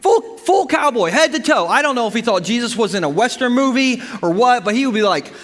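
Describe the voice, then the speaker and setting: A male pastor preaches a sermon with storytelling, his high voice ringing with long reverb through a church sanctuary. He speaks a little fast, telling stories in an animated, humorous way with sudden bursts of emphasis.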